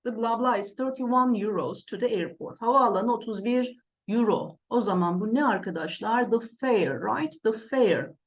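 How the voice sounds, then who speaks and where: A woman teaching English vocabulary, repeating each word pair slowly and checking in with "okay" and "right". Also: a little high. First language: Turkish. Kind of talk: slow classroom lesson explanation.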